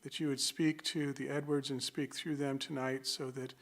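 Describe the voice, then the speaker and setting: A man's voice: mid-range voice, flat delivery, moderate pace. A man, the church's pastor, leading an earnest, fervent opening prayer.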